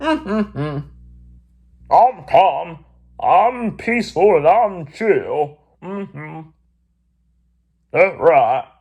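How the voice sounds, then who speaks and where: A man's voice: a little high, animated, gravelly, slightly rough, dull audio, pitched above the performer's own voice, full character voice. A man doing a humming, serene old man. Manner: humming, slow, soothing.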